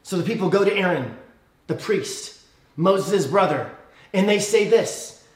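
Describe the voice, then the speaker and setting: A man with a fairly high voice gives a sermon, retelling the story casually and checking in with the congregation as he goes. His voice rings around an echoey room. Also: animated, measured pace. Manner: conversational, asks the congregation "okay?" often. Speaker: preacher.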